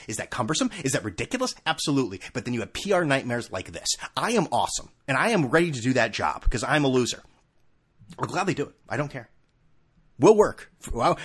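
A man's voice: medium pitch, fairly bright tone, slightly rough. A man in his thirties hosting a solo podcast from a room at home, ranting in a profane, sarcastic and heated way, full of restarts. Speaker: podcast host.

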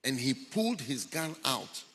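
A man's voice: medium pitch, sing-song, measured pace, fairly bright tone. A man preaching a sermon, retelling a story dramatically and acting out the voices of people in it. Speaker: bishop preaching. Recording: long hall reverb.

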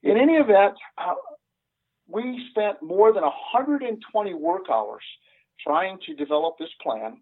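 An older man recounts his police days in an earnest, halting way, stopping often on "uh". His voice sits a bit high for a man. He comes through a thin, tinny phone line. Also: expressive, slightly rough. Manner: earnest, halting with many "uh" fillers. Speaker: retired police sergeant. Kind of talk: telling a story in an interview.

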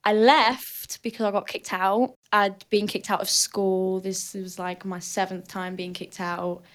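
A woman in her twenties from Hull with a thick Northern English accent, telling stories as a guest in a casual chat, with lots of fillers. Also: lowish voice. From Hull, England, raised in southern Spain. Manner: chatty, animated storyteller with frequent fillers. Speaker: guest athlete.

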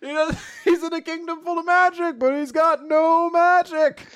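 A man doing a squeaky whiny jealous youth. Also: fairly even intonation, normal speed, a bit bright. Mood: mocking whiny. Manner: squeaky, mocking. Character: whiny jealous young man mocking a rival.

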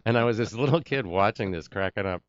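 Middle-aged guy telling a story, low smooth voice, does all the voices, dry dull recording. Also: fast, no echo. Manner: animated storyteller, acts out quoted voices. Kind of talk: casual storytelling chat.

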